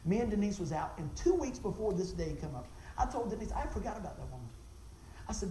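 A man giving an animated, folksy testimony for a ministry, repeating himself and exclaiming as he tells the story. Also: fast, echoey room, a little hiss or hum, low-quality recording. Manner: voice jumps high when excited, exclaims.

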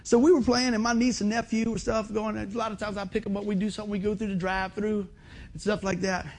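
A middle-aged man preaching a sermon in a folksy, animated way, acting out other people's voices. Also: high voice, fast. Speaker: pastor.

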